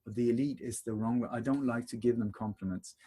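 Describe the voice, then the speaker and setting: Rambling, animated man as podcast guest. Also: mid-range voice, fairly quick, husky. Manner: rambling, animated storytelling with emphatic repetitions. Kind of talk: conversational interview.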